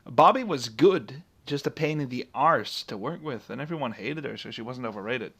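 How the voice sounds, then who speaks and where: A man's voice: medium pitch, animated, moderate pace, a bit bright, husky. A man hosting a casual podcast chat, rambling with lots of fillers and restarts. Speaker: podcast host.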